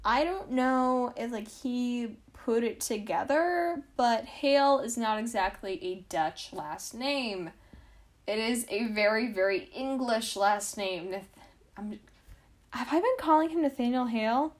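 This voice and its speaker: A woman's voice: fairly high pitch, lively intonation, measured pace. A young woman hosting a history podcast, telling the story casually with lots of fillers, wry asides and mock quotes.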